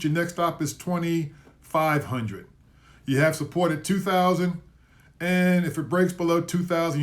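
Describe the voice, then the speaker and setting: Male livestream market host, voice a bit high, casual and self-correcting, repeats his price calls. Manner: casual, self-correcting, trips over words; recaps trades with repeated levels and calls. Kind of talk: live-streamed market commentary.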